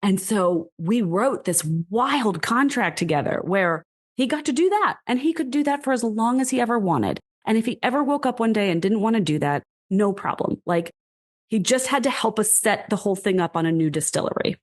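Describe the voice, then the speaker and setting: A whisky brand founder from the United States, her voice at medium pitch and normal speed, appears as a guest in a casual interview. She narrates her story with animation, frequent laughter, and a steady stream of "like."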